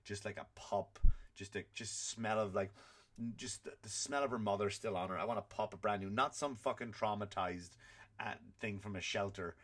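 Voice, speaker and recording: A man's voice: fairly low pitch, normal speed, fairly bright tone. A man hosting a comedy podcast, ranting in a profane, conversational way. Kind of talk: comedic rant.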